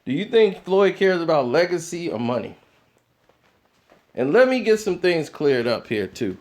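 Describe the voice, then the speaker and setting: A man hosting his own commentary channel, talking in an animated, argumentative way and laughing often. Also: fairly high pitch, normal speed, slight background noise. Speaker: boxing commentary channel host. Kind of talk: opinionated casual commentary.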